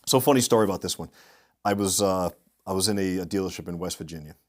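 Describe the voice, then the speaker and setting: A middle-aged man with a fairly low voice talks as an interview guest. He tells lively anecdotes and slips into the voices of the people he quotes. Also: quick pace. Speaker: guest speaker, industry consultant. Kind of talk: storytelling in a podcast interview.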